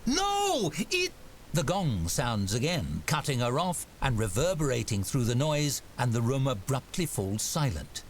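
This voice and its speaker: A man's voice: mid-range voice, lively intonation, moderate pace, few pauses, a little hiss or hum. A man giving scripted narration for a story game in a dry storybook manner.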